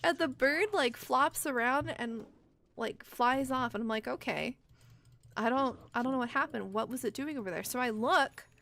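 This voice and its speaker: A woman's voice: sits high, moderate pace, vocal fry, fairly bright tone, a little hiss or hum. A young woman streaming a game, chatting casually, swearing and laughing as she tells stories. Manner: swears a lot, laughs often, storytelling. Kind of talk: casual livestream chat while gaming.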